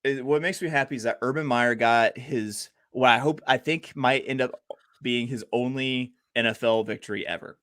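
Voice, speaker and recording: Young man, podcast co-host, bright voice, mid pitch, animated, joking. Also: normal speed, dry recording, studio quality. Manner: animated, joking, fond of comic bits. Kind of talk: casual sports chat.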